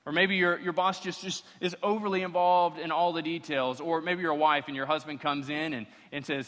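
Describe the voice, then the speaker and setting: A male pastor preaching a sermon in an animated, joking way, firing off rhetorical questions. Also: fairly high pitch, a little fast, hardly any pauses. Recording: long reverb of a large hall.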